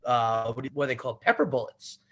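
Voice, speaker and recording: A man's voice: medium pitch, lively intonation, fast talker, fairly bright tone, muffled recording. A man co-hosting a podcast, rambling through loose anecdotes full of fillers. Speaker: podcast co-host. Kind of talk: casual podcast chat.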